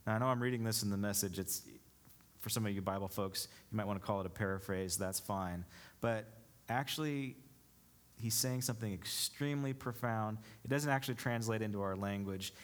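This sermon comes from a male pastor in church with a lowish voice and a slightly fast delivery. He reads scripture aloud, then explains it by asking the congregation rhetorical questions.

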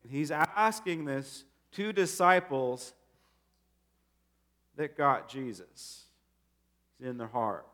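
A man in his thirties, a pastor, preaching a sermon in a conversational, animated way and acting out quotes. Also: medium pitch, slow, pauses often.

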